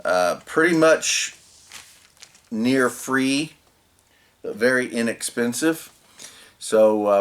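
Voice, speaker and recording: A man, the host, casually talking through a homemade gear project as he works, rambling with filler words and restarts. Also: fairly low pitch. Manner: relaxed, rambling, lots of "uh" and restarts. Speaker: channel host. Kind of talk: casual DIY tutorial narration.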